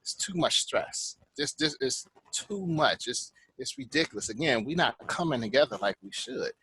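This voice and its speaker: A man's voice: mid-range voice, big pitch swings, moderate pace, gravelly, pushed and bright, slight background noise, poor audio. A man talking in a casual group podcast chat, venting with frustration and rising emphasis. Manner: exasperated ranting.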